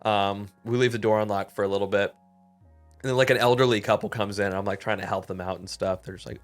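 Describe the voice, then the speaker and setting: A man, a podcast co-host, telling a story in casual, animated chat, full of swearing and fillers. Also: on the low side, fast, faint music behind. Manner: animated, swears a lot, heavy use of "like".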